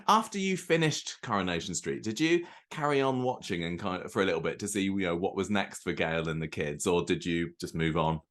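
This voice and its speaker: Low-voiced male podcast host. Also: lively intonation, a little fast, fairly bright tone. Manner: encouraging, brief prompts and laughter. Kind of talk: interview.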